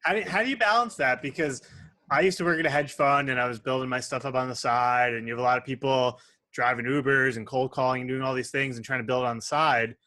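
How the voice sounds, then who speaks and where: A young man hosting an interview, telling stories in an energetic, animated way. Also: medium pitch, quick pace, no echo. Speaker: host. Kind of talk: interview with storytelling.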